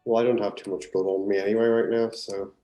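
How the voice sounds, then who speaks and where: A man with a lowish, mellow voice plays in a tabletop game and thinks aloud about what his character will do. He sounds roomy and set back from the mic, with faint music behind him. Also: little pitch movement, fast. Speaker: player.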